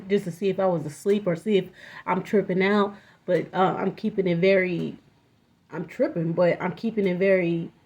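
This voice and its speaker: A young woman with a mid-range, dark voice and vocal fry shares a personal story for a casual storytime vlog. She's candid, rambling, and profane, using lots of fillers, and the lo-fi audio sounds dull.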